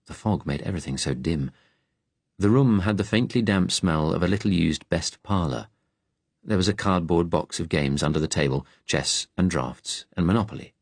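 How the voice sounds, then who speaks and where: A man narrating a novel in a steady, serious, measured way. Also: deep voice, no room sound. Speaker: audiobook narrator. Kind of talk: scripted narration.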